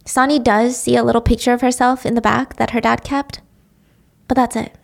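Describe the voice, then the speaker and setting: A woman's voice: fairly high pitch, flat delivery, brisk, vocal fry. Chatty woman retelling a story. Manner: chatty, with slang asides. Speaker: storyteller recapping a drama. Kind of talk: casual story recap.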